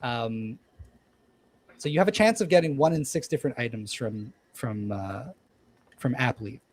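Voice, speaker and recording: A man's voice: mid-range voice, normal speed, slight background noise. A man running a tabletop roleplaying game, narrating scenes and calling for dice rolls in a medium voice. He meanders through descriptions, stopping and restarting his sentences with lots of ums. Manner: rambling, many ums and restarts. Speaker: game master.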